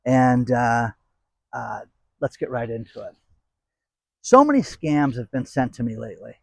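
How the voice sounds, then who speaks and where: A man's voice: mid-range voice, measured pace, gravelly, no room sound. A man hosting his own channel, talking casually to viewers and driving his points home with repeated "okay?". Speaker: channel host. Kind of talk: casual commentary to camera.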